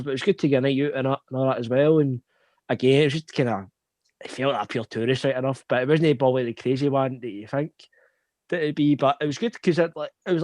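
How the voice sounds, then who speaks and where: A man's voice: medium pitch, a little mellow, no room sound. A young man with a Scottish accent, telling a long laughing anecdote in casual chat, swearing freely. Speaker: podcast host.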